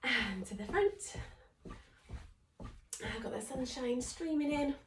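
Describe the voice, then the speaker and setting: Speaking slowly with a high, lively voice, a woman coaches a home exercise session, cheering listeners on and counting reps as she gets winded. There's slight background noise, and the echoey room makes her sound far away.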